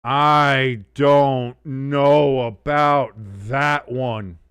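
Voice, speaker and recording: A man hosting a sports watch-along stream, giving excitable play-by-play with blunt, profane reactions. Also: mid-range voice, very slow, clear, resonant tone, no room sound. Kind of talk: casual live sports commentary.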